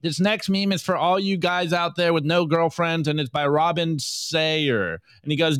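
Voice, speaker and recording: A man with a slightly high voice hosts a casual online show, talking in a loose, excitable way that tips into swearing and laughter. The sound is close and dry, with no room around it. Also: moderate pace, few pauses, no room sound. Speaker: podcast host. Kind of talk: casual meme review chat.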